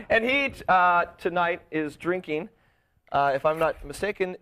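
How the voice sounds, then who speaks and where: A man's voice: high voice, slight background noise. A man from Arizona hosting a casual late-night talk show, joking bawdily with his co-host. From Arizona, USA. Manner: animated, joking, bawdy. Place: studio.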